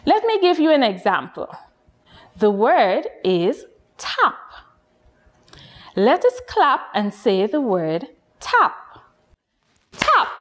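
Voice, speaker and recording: Slow, lively-voiced nursery teacher woman. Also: a little high. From Guyana. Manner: slow, lilting, encouraging teacher voice addressing children. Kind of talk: children's phonics lesson.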